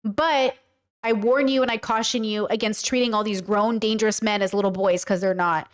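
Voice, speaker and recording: A woman's voice: medium pitch, steady tone, normal speed. A woman talking to her livestream chat in a blunt, emphatic way, swearing casually as she comments. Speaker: streamer and commentator.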